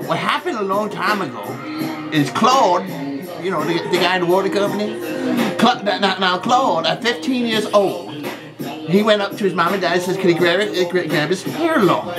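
A man puts on a high-pitched voice as a jokey male character named Cotton Man in a homemade birthday video. The character rambles, keeps saying "man" and "see," and shouts out greetings.

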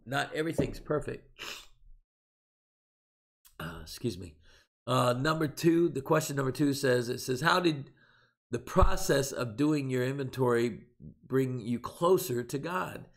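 A man leading a faith-based recovery class, speaking in a halting way with many fillers, then building to emphatic preaching. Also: mid-range voice, animated. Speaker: recovery program leader.

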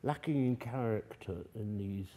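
During a masterclass in a workshop music room or hall, a piano teacher coaches a student, coaxing them and singing phrases aloud to show how they should go. His voice is fairly low, a little slow, and mellow, with piano playing in the background.

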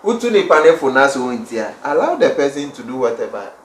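Halting man on a panel. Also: medium pitch, very animated. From Ghana. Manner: halting, repetitive, searching for words. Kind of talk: heated panel discussion. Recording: echoey room with faint noise.

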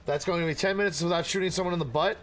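A man's voice: high-pitched, rapid-fire, fairly bright tone, slight background noise. A man playing a video game and giving goofy running commentary, chatting to animals and yelping in panic. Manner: goofy, talks to animals, sings and yelps. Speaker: gaming streamer. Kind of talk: playful let's-play commentary.

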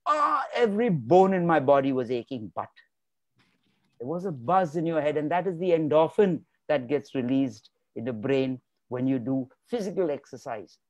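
A man's voice: a little high, lively intonation, moderate pace, no echo. A man giving an emphatic motivational talk as a guest expert, repeating key words for stress. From India.

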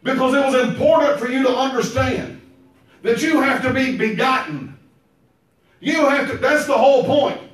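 A man preaching a sermon, emphatic and repetitive, now and then breaking into shouts. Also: very high-pitched, normal speed. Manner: emphatic, repeats phrases, bursts into shouts. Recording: very echoey room, mic far off.

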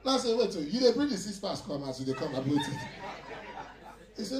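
Animated Nigerian comedian, echoey and distant. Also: male voice, sits high, fast. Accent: Nigerian Pidgin English. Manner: animated, acts out voices, laughs often. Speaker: stand-up comedian. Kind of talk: stand-up comedy storytelling.

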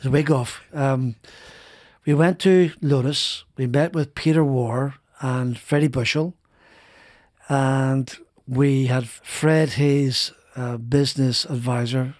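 Rambling middle-aged former racing driver, dry studio. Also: male voice, mid-range voice, fairly even intonation, slow, darkish tone, no echo. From Northern Ireland. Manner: rambling, frequent restarts and repeated words. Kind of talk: casual interview storytelling. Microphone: studio podcast mic.

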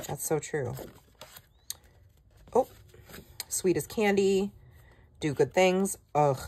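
A woman craft vlogger chatting casually through a product flip-through, gushing and excitable with frequent gasps and exclamations. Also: lowish voice, slight background noise.

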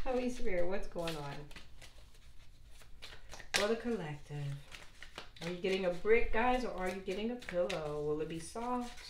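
A woman's voice: medium pitch, normal speed. An older woman doing a casual tarot reading for viewers, playful and chatty, slipping into sung asides. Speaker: tarot reader. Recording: echoey room with faint noise.

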